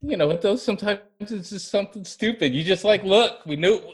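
A man co-hosting a casual movie podcast, easygoing, laughing and trailing off softly at the ends of thoughts. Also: high-pitched, a little fast, slightly rough. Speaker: podcast co-host. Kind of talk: casual movie review chat.

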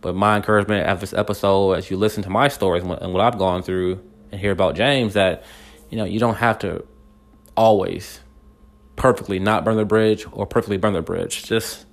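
A man's voice: deep voice, steady tone, a little fast. A man hosting a motivational podcast, talking earnestly and reflectively with many restarts and fillers. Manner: faith-based encouragement. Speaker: podcast host.

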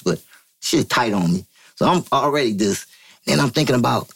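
A man from Vallejo, California, telling a story as an interview guest, profane and animated, acting out quotes in a higher voice. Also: moderate pace, breathy edge. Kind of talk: casual storytelling.

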